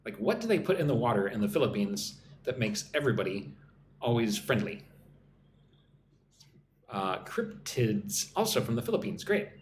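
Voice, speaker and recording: A man teaching English on a live stream, chatting as he reads out viewer comments and explaining slang with slow example sentences. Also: medium pitch, big pitch swings. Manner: chatty, reads viewer comments aloud and greets them in their languages. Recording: roomy echo with faint background hum.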